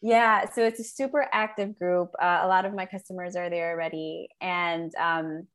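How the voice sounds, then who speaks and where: A woman business owner, appearing as a guest in a casual interview, tells a story with animation and slips Spanish phrases into her English. Her voice is lowish and her speed normal.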